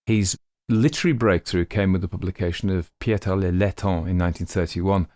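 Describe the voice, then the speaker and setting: A man's voice: sits low, fairly quick, darkish tone, no room sound, studio quality. A man who reads stories aloud and hosts a podcast, chatting casually with rambling asides and self-corrections. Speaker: audiobook reader and podcast host. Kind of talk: story narration and casual commentary.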